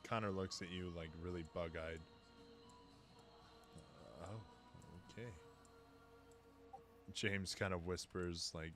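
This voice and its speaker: Deep-voiced man narrating a game. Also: fairly even intonation, slow pace, pauses often, a bit bright, faint music behind. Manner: loose, casual narration.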